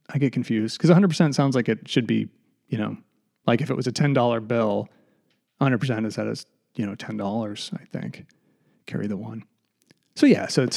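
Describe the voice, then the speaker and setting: A man's voice: mid-range voice, vocal fry, warm tone. A man hosting a solo comedy podcast, rambling and self-deprecating, slightly out of breath. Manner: self-deprecating, digressive, mock voices. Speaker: podcast host. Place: basement room.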